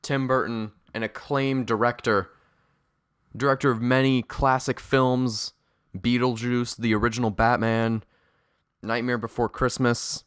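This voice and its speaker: A man's voice: mid-range voice, level tone, a little slow, fairly bright tone, smooth, no room sound, clean studio sound. A young man reviewing a movie in a sarcastic, exasperated rant, swearing often. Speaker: video reviewer.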